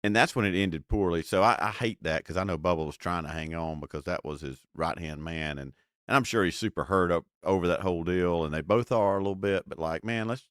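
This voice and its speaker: Deep-voiced laid-back man. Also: clear, resonant tone, no echo, studio quality. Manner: rambling, laid-back, many fillers. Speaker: podcast co-host. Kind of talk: casual radio-show chat.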